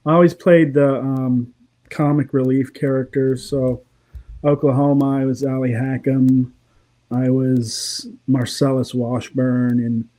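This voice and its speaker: His voice is mid-range with a dark tone. This middle-aged voice actor and comedy writer chats casually, telling meandering stories punctuated by frequent chuckles.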